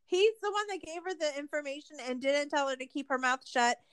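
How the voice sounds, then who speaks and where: Woman podcast host going off, sarcastic and sweary, kinda high voice, dry mic. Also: lively intonation, brisk, no room sound. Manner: profane, sarcastic ranting. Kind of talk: casual podcast chat.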